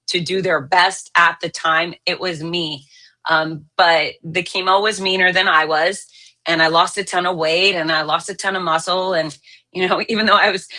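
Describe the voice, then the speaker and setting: A woman guest in an interview who speaks in a pointed, forceful way and hammers her points home. Her voice sits a little low yet sounds bright and forceful. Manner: pointed, aggressive, emphatic. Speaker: fitness author and guest. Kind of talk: interview conversation.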